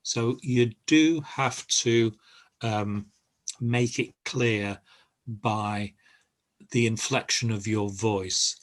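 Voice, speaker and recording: An older man who teaches an online group language lesson over a video call and explains patiently, with many pauses. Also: fairly low pitch, fairly even intonation.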